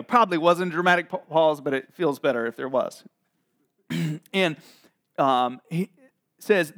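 A man preaching a sermon as pastor, joking and animated, with laughs and acted asides. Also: on the high side, normal speed, long pauses.

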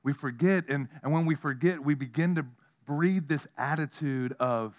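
Animated pastor, man with a higher voice. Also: normal speed. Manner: animated storytelling, swinging from hushed to loud. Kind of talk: sermon.

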